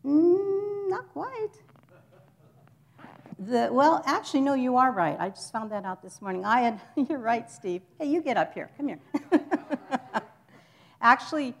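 A woman's voice: fairly high pitch, expressive, normal speed, fairly bright tone. A woman giving an informal church teaching to a congregation, chatty and joking with them, stopping to correct herself.

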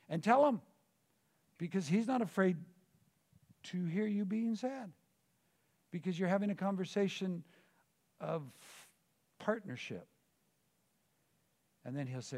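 A man preaching a sermon and leading a prayer, with rhythmic, repeated declarations that swing between hushed, intimate tones and loud exclamations. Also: on the high side, expressive, a little slow, long pauses. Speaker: pastor.

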